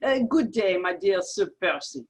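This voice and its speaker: A woman's voice: fairly low pitch, animated, a little slow. A woman reading the part of a sly, scheming French agent at a virtual table read of a radio play, dry and falsely polite. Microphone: video call.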